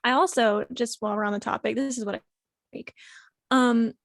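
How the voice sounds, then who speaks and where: A woman co-hosting a podcast, talking candidly with quick wit and easy laughter. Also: on the high side, fairly even intonation, vocal fry, dry recording. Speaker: podcast co-host. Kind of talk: casual chat.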